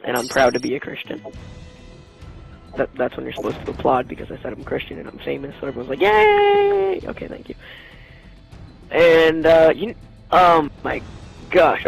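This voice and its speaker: A man's voice: medium pitch, normal speed, creaky, husky, faint music behind, poor audio. A man hosting a gaming channel who answers questions in a rambling, crude, joking way, packing his talk with "like" and "you know". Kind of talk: joking Q&A over gameplay.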